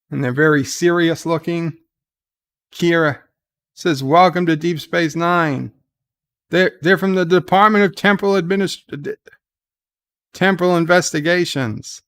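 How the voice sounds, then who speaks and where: A middle-aged man hosts a live reaction stream, narrating what happens on screen as casual commentary. He talks slowly and rambles, with plenty of fillers and restarts. His voice is smooth and clear and sits a little high for a man. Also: a bit bright.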